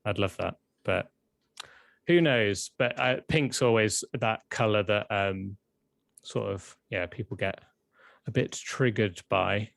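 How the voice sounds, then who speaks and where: A relaxed British man co-hosting a livestream, thinking aloud in a hesitant way. His voice sits fairly low and is recorded dry and close, with no room sound. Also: slow pace, creaky, dry recording. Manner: relaxed, hesitant, lots of ums and sort ofs. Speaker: co-host. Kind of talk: casual livestream chat.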